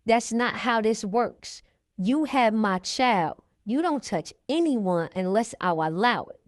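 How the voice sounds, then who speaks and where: A woman voicing a furious, jealous man who yells and curses at his partner. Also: on the high side, lively intonation, slow, no echo, clean studio sound. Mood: cold menacing. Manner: yelling, cursing.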